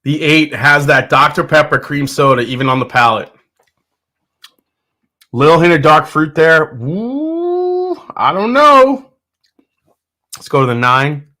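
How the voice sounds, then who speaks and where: A man's voice: a little high, fairly even intonation, normal speed, long pauses, sharp tone. A man hosting a casual livestream, chatting enthusiastically, reading viewer comments and thinking aloud. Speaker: host of a whiskey tasting livestream.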